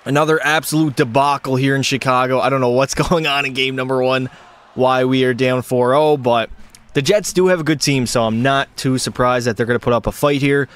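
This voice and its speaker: Fairly quick and clear, with a resonant medium-pitched voice, a gaming streamer calls plays in a hockey video game. His play-by-play is excitable, he chats with viewers, and faint music runs in the background.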